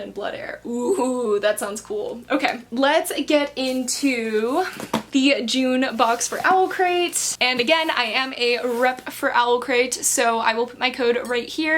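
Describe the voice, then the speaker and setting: A young woman chats through an unboxing vlog, rambling happily and breaking into sudden bursts of excitement. Her voice sits fairly high, and she fills her talk with casual fillers. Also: a little hiss or hum. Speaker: booktuber unboxing book subscription boxes.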